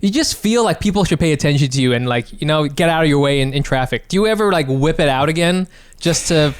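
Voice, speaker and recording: A man hosting a comedy podcast, excitable, swearing freely and laughing often in casual chat. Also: on the high side, fast, clean tone, no echo.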